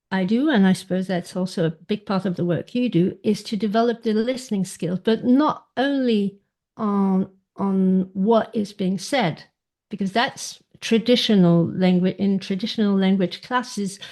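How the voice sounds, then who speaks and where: Casting: middle-aged woman, pronunciation coach, mid-pitched, thoughtful, often restarts her phrases. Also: a little mellow. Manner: thoughtful, repeats words while searching for phrasing. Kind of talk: podcast conversation.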